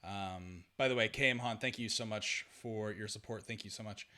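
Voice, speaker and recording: A man's voice: lowish voice, normal speed, pushed and bright. A man hosting a live-streamed podcast, chatting casually and sorting out technical trouble aloud. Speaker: podcast host.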